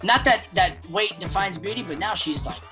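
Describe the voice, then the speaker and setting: A man who is a comedian guest, chatting casually in an upbeat, joking way and telling animated stories. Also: high-pitched, moderate pace, music in the background. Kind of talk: casual interview chat.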